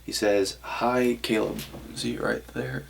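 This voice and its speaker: A man's voice: mid-range voice, flat delivery, slow pace, creaky, a little hiss or hum. A young man vlogging casually to camera, rambling a little and correcting himself as he shows off his haul. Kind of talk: casual vlog talk to camera.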